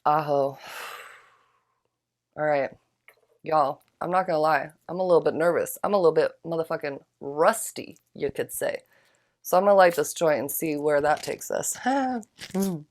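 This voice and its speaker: A young woman hosting her own podcast solo, chatting in a slangy, profane, laid-back way after leading a slow guided breathing. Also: sits low, darkish tone. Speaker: podcast host.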